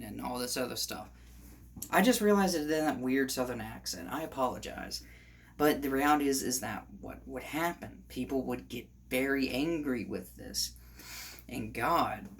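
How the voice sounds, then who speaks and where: Man ranting in a heated vlog. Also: mid-range voice. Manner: heated, ranting, rising to shouts. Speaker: commentator. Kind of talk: opinion vlog monologue.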